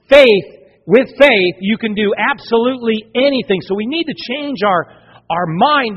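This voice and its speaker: Male pastor, high husky voice, lively sermon delivery, long hall reverb, muffled lo-fi recording. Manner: animated, acts out quoted voices. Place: church sanctuary.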